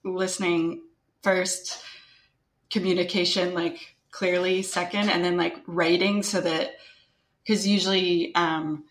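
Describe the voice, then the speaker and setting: A woman with a noticeably strong Canadian accent chats away as an interview guest. Her voice sits a little low, and she keeps her talk loose and friendly, full of "like" and "right?". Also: little pitch movement, slow, echoey room. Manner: chatty, upbeat, full of "like" and "right?". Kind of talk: casual interview conversation.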